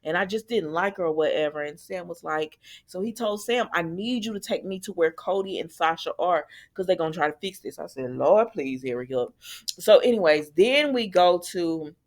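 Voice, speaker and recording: A woman's voice: on the low side, lively intonation, moderate pace. A woman casually recapping a soap opera episode, chatty and sassy, talking back to the characters.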